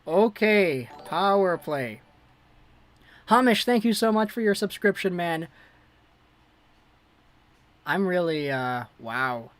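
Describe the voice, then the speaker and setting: A woman hosting a fan livestream, giving live play-by-play that swings between hushed worry and excited shouting. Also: on the low side, slow, pauses often, no room sound. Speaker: livestream host.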